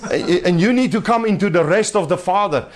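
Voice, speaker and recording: A man's voice: high-pitched, moderate pace. A man preaching a sermon to a small home gathering, in an emphatic, conversational way with a little laughter.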